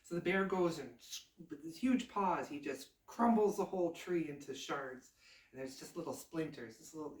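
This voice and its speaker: A woman telling a folk tale in a chatty, animated, casual way. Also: fairly low pitch. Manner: chatty, animated, laughs often. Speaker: storyteller. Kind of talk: casual oral storytelling. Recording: roomy, distant mic.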